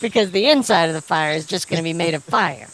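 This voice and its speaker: A woman playing a dry, deadpan grown son camping with his father in an improvised comedy scene, questioning his father's odd remarks. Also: on the low side, quick pace, close to an everyday voice, rough recording.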